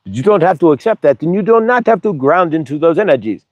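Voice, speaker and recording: A man hosts a spiritual channeling show, giving a motivational talk that coaxes listeners with rhetorical questions, rambling and restarting mid-sentence. His fairly high voice swings widely in pitch and moves fast. The sound has no echo but the highs are cut off.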